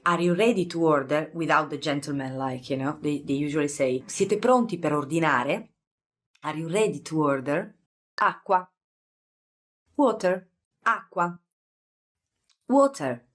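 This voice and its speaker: Young Italian-accented woman tutor, low and unhurried, casual and chatty. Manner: relaxed, chatty, repeats words slowly, many fillers. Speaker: language teacher. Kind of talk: casual vocabulary lesson.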